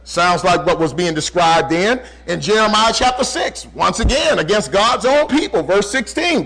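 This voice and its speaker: High-voiced preacher with dramatic swings. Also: male voice, lively intonation, fairly bright tone, poor audio. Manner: preaching with dramatic swings in volume and slow, drawn-out emphasis; repeats key phrases for emphasis. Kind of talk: sermon.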